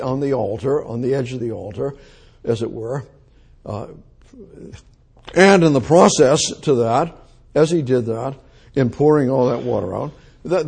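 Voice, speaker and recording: A man delivering a sermon at an unhurried pace, leaning hard on repeated phrases and sudden exclamations. His voice sits a little high for a man and carries a husky, breathy edge. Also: darkish tone. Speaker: preacher.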